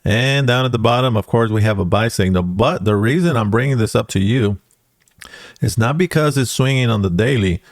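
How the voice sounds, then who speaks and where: A man's voice: mid-range voice, a little fast, dry recording, studio quality. A man talking casually through stock charts as a trading educator, tagging lines with "okay" and "guys.". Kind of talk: casual screen-share chart walkthrough.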